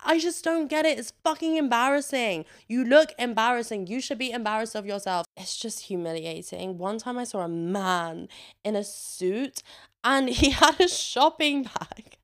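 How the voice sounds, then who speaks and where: A young woman hosting a casual solo podcast, chatty and sweary, laughing often and getting animated when she rants. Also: on the high side, normal speed. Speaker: podcast host.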